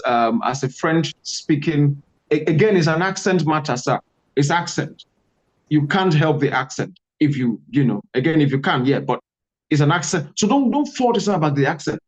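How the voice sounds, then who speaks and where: Nigerian man with a Calabar accent, lively guest speaker, muffled video call audio. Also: fairly high pitch. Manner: animated, emphatic, repeats key words. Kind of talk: online workshop talk.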